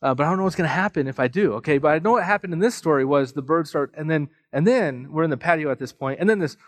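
A man pastor preaching a sermon, telling a personal story in a casual, joking, animated way full of asides. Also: a little high, fast, dry recording. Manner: conversational storytelling with self-deprecating humor; animated, with frequent fillers and asides.

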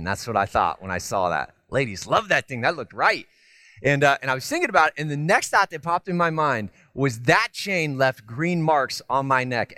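A man preaching a sermon. He tells stories in a lively, conversational way, with self-deprecating asides, and moves from loud emphasis to hushed tenderness. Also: mid-range voice, no room sound. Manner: animated storytelling, swinging between loud emphasis and hushed tenderness. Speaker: pastor.

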